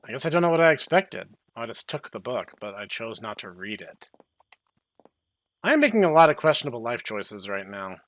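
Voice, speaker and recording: A young man doing sarcastic, deadpan commentary while playing a horror game. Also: medium pitch, no echo. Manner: deadpan, dry sarcastic asides. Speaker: game streamer. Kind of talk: sarcastic let's-play commentary.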